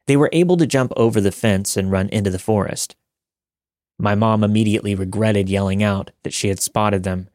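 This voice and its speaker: A man reading listener-submitted scary stories aloud in a steady, measured first-person narration. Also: fairly low pitch, no room sound, studio quality. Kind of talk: scripted horror story narration.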